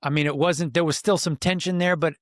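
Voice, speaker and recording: A man's voice: fairly high pitch, fairly even intonation, fairly quick, no echo, studio quality. A middle-aged man, a coach for men, telling a personal story on a podcast in an earnest, reflective way and acting out his own inner voice. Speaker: podcast guest, men's coach.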